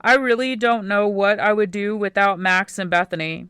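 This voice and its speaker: A woman narrating a first-person teen romance audiobook in a quiet, unhurried way. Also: medium pitch, fairly even intonation, smooth, no room sound.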